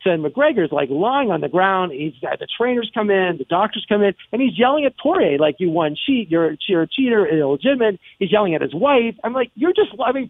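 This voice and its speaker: An excitable man rattles off sports opinions in a high, fast voice. He stumbles and restarts often. The sound is thin and phone-like, with no room echo. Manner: rambling, excited, with many restarts and mock voices. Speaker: sports commentator. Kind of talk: casual sports talk on radio. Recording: tinny phone-line sound, dry.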